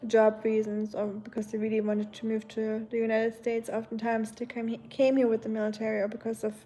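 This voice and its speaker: This livestream host is a young German woman with a German accent who reads viewer comments in casual, hesitant chat with many ums. Her voice is fairly high and warm, delivered completely flat at a fairly quick pace.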